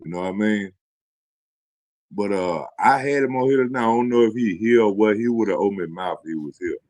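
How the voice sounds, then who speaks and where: Very deep-voiced man, rambling and profane. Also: fairly quick, darkish tone, no room sound. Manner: loose, profane, repeats himself, laughs often. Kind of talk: casual rambling chat.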